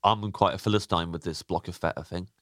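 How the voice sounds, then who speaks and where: A man co-hosting a food podcast, chatting casually in a lowish voice. His tone is playful and self-deprecating, with easy laughter. The recording is dry and close. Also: steady tone, brisk, fairly bright tone, no room sound. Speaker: podcast co-host. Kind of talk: casual chat.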